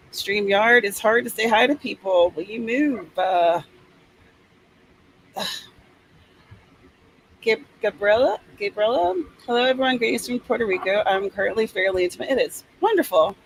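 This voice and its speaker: A woman's voice: a little high, animated, unhurried, pauses often, a bit bright, a little hiss or hum, poor audio. A woman hosting a live writing stream, chatting casually and reading out viewers' comments. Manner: chatty, reads out comments, playful asides.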